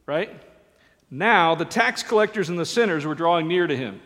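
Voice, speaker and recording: A man's voice: on the high side, expressive, moderate pace, fairly bright tone. A man preaching a sermon as pastor, earnest and building to fervent emphasis, recorded in a reverberant church. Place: church sanctuary.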